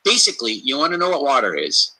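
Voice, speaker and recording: Podcast man, emphatic and punchy, very bright tone with a husky edge. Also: mid-range voice, wildly swooping pitch, fast, poor audio. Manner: emphatic, repeats key phrases for stress; storytelling, acts out quoted reactions. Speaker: podcast speaker giving health advice. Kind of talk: energetic conversational podcast talk.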